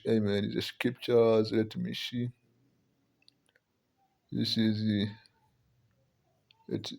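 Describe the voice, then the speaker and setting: A man's voice: medium pitch, gravelly, a little mellow. Man preaching prophecy, repeating "man". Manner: keeps tagging lines with "man", halting repeats; reads scripture aloud between remarks.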